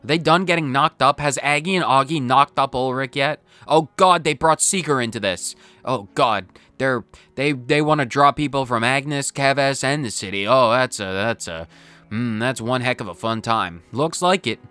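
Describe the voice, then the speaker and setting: A man's voice: medium pitch, normal speed, pushed and bright, clean tone, dry recording. A man commenting playfully on his own game playthrough, joking and explaining his jokes as he goes. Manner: playful, jokey, self-explaining. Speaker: gaming channel host. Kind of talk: let's play commentary.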